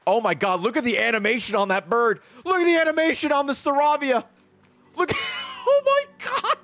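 A male streamer in excitable, profane gaming commentary who laughs often. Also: very high-pitched, brisk.

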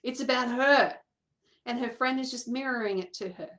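Lively woman telling a story. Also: on the high side, normal speed. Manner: animated, acts out quoted voices, laughs often. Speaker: coach. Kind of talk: storytelling talk to an audience.

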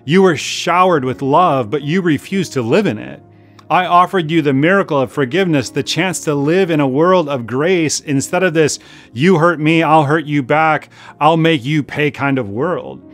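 A man's voice: fairly high pitch, fairly bright tone. A man acting out a stern male company chief who passes grave, accusing judgment, told as sermon storytelling.

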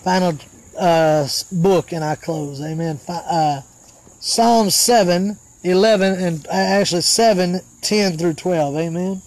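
Male preacher, high voice, gravelly edge, fervent sermon, shouts then hushed praise. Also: animated, a little slow, dry recording. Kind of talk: live sermon.

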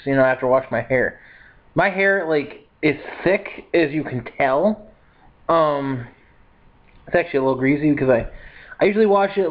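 A man's voice: fairly high pitch, phone-quality sound. Chatty upbeat man in his twenties. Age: 20s. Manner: rambling and upbeat, with frequent laughs and "like". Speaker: vlogger. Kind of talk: casual chat to camera.

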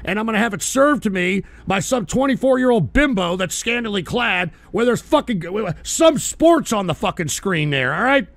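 Ranting, gravelly-voiced talk radio man. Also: high-pitched, sing-song, normal speed, few pauses, no room sound. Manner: profane, combative ranting with sudden shouting; mocking whiny impressions of critics. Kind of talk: live-stream talk radio rant.

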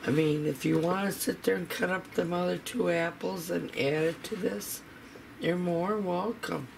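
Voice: medium pitch, steady tone, unhurried, creaky, noisy background. A home cooking vlogger demonstrating a recipe in a casual, chatty way in a kitchen, talking straight to the viewers.

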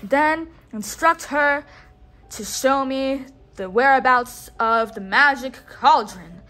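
A woman's voice: sits high, takes it slowly, sharp tone, full character voice. A woman reading the lines of an evil horned king from a storybook, in a stern, demanding way.

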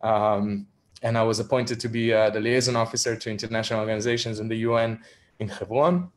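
A man's voice: fairly low pitch, steady tone, a little fast, slight background noise. Candid man telling a personal story. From Israel. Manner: candid, self-deprecating, frequent ums and soft laughs. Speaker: activist speaker. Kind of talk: personal storytelling in a virtual talk. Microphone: video call.

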